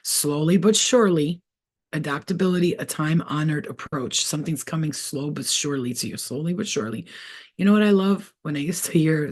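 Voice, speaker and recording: A middle-aged woman giving a casual tarot reading, talking in an expressive, slangy way and laughing often. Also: deep voice, normal speed. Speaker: tarot reader. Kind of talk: casual spiritual reading chat.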